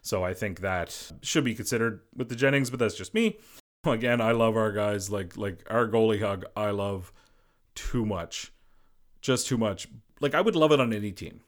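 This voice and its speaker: A man with a fairly low voice hosts a solo sports podcast in a casual, unscripted way. He is a former goalie who rambles through his thoughts and keeps reaching for "you know" and "like" as fillers. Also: normal speed. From Boston area. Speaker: podcast host.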